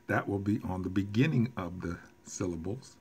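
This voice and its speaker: A man teaching a recorded language lesson, explaining rules deliberately with casual asides and self-corrections. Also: low-pitched, breathy edge. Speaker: Spanish teacher.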